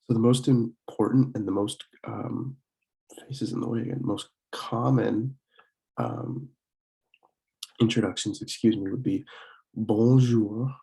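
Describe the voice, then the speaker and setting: A young man from Pennsylvania giving a casual recorded online lesson, talking with many fillers and slowing down to demonstrate words. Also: lowish voice, vocal fry, dark tone. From Pennsylvania, USA. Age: young adult. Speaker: student French club teacher.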